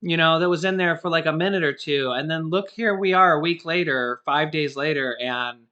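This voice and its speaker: A man's voice: fairly high pitch, moderate pace, bright, forceful tone, highs cut off. A man co-hosting a casual news chat show, talking loosely and joking. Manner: chatty, jokey, acts out quotes. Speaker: co-host.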